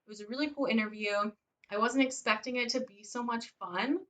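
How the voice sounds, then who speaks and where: A woman's voice: a little high, brisk, fairly bright tone, poor audio. A woman who hosts an interview show, chatting in an upbeat way about favorite guests. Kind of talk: casual reflection.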